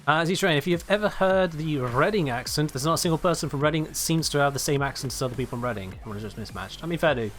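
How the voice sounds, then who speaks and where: A man's voice: a little high, fast talker, hardly any pauses, soft background music. A British man chatting casually on a live game stream, rambling and reading chat aloud.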